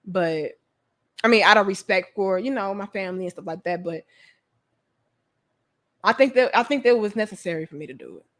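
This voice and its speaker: A woman's voice: mid-range voice, a little fast, pauses often, a bit bright. A woman hosting a casual livestream chat, talking emphatically with slang and frequent swearing. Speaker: livestream host.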